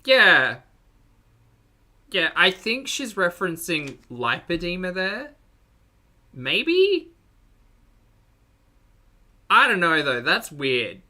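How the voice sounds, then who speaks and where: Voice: mid-range voice, very animated, slow pace, sharp tone. An Australian commentator reacting to a video with wry, teasing asides and casual musings.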